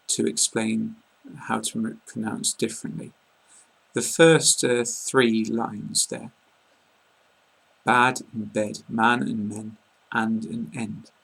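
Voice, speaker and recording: A British man giving a casual online pronunciation lesson, speaking slowly and carefully and repeating example words. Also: mid-range voice, creaky, a bit bright, breathy edge, rough recording. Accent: British English. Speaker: English pronunciation teacher.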